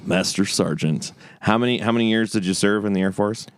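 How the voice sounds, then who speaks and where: A man's voice: lowish voice, fairly quick, dry recording, clean studio sound. A man from Montana hosting a podcast in casual chat, joking and often restarting his sentences. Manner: stammering restarts, joking, laughs easily. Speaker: podcast host.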